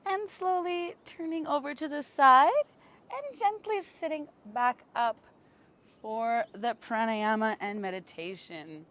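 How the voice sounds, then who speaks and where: A woman with a slightly high voice leads a yoga and breathwork class in slow, gentle, soothing cues. She is recorded outdoors in the sun on a camera mic. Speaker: yoga teacher. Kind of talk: guided yoga and breathwork instruction.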